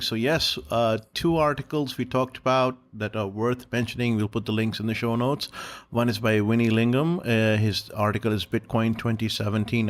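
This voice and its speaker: A man co-hosting a casual podcast, plainly reading out recommendations. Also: fairly low pitch. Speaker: podcast co-host.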